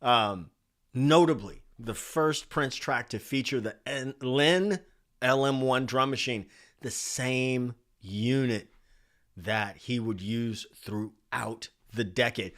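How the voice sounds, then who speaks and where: A man in his forties hosting a casual livestream, reading chat names aloud in an animated way. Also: medium pitch, slow pace. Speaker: livestream host.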